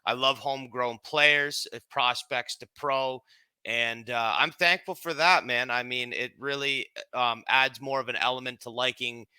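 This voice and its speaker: A man from Canada co-hosting a casual sports podcast, relaxed and rambling. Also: mid-range voice, a little slow, smooth, dry recording. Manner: rambling, relaxed, lots of fillers and restarts. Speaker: podcast co-host.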